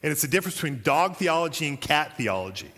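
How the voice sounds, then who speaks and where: A pastor preaching a sermon, lively, acting out the voices he quotes. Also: on the high side, quick pace, long reverb tail. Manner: animated, acts out quoted voices.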